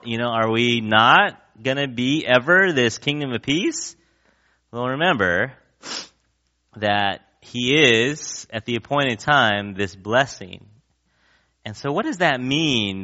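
Male pastor, casual sermon, bright tone, lo-fi recording. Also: mid-range voice. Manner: conversational, asks the crowd questions, acts out quotes.

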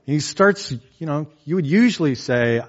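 A man's voice: fairly high pitch, lively intonation, normal speed, dull audio. Man preaching a conversational sermon. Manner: conversational preaching, acts out quotes, frequent "right?". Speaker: pastor.

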